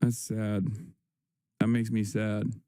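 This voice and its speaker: Man, livestream host, casual sarcastic chat, slow drawn-out headline reading, lots of fillers, smooth voice, dry close sound. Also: fairly low pitch, little pitch movement, warm tone, no room sound.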